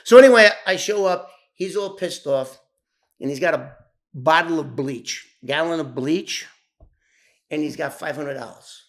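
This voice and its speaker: New man, slightly high voice, loose profane storyteller who circles back and restarts a lot. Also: a little slow. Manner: profane, rambling, with many restarts and asides. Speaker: former informant telling his story. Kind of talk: casual storytelling.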